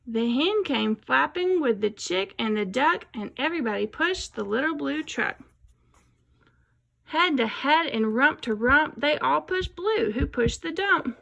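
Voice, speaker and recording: Woman, teacher-educator; unhurried, rhythmic read-aloud with some vocal fry. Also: sits high, bright, forceful tone. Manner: rhythmic, sing-song storytelling. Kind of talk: expressive picture-book read-aloud and lesson explanation.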